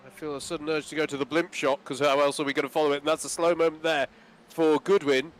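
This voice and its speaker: A man's voice: on the high side, level tone, quick pace. A man giving chatty, easygoing colour commentary on a live sim race.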